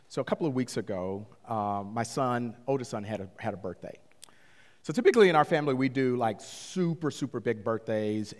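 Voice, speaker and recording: A middle-aged man pastor telling a story in a sermon, animated and often climbing high when he retells conversations. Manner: animated, rising to excited high-pitched retellings. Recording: long hall reverb.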